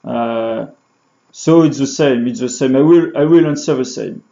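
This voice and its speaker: A man teaching beginner phrases, halting with many fillers and restarts, in a lo-fi recording. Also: medium pitch, gravelly, mellow. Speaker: French teacher. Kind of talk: beginner language lesson. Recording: dull lo-fi sound.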